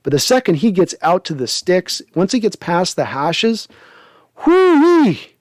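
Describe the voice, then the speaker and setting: A man hosting a casual sports livestream, reading out viewer comments with animated, joking chat. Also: high-pitched, moderate pace, no echo. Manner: animated, jokey, reads chat aloud. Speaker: host.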